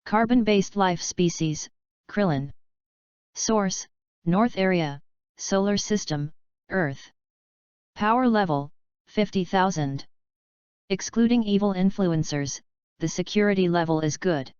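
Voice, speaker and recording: A woman voicing a mechanical scanner that reads out data in an even, list-like way. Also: medium pitch, slow, pauses often, clear, resonant tone, no echo, lightly acted. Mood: flat. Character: flat mechanical scanner voice, sexless machine. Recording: dull lo-fi audio.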